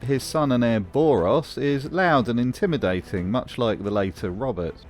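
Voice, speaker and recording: A man's voice: mid-range voice, moderate pace, over music. A man hosting a scripted commentary, delivering it with dry, mocking humor. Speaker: host.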